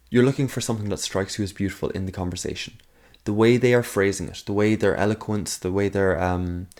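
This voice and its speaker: A man talking casually to camera, rambling through his ideas with lots of fillers and asides, sometimes arguing back at himself. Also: fairly low pitch. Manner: rambling, thinks aloud with many fillers and asides; argues with himself in a mock second voice. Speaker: video essayist. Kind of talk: casual talking-head monologue.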